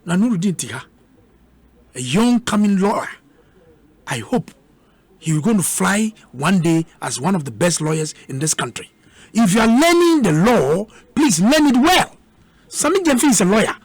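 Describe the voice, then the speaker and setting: A man's voice: high voice, very animated, normal speed, no echo. Combative Ghanaian man in heated debate. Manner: combative, repeats words in bursts. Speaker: panelist.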